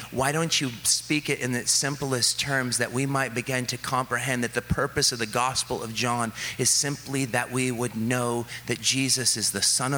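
A male pastor preaching a sermon, telling stories about his kids with lively excitement and then settling into soft, earnest reflection. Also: mid-range voice, a little hiss or hum. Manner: animated storytelling, quoting his kids with rising excitement.

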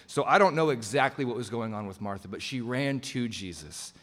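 A man's voice: mid-range voice, animated, a little fast, few pauses, a bit bright. A man preaching a sermon in a conversational way, slipping into quoted voices as he retells the passage. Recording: long hall reverb.

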